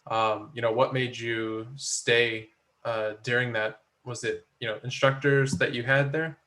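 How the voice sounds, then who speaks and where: Flat, bright-voiced man. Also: medium pitch, unhurried. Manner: hesitant, asks questions. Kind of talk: casual chat.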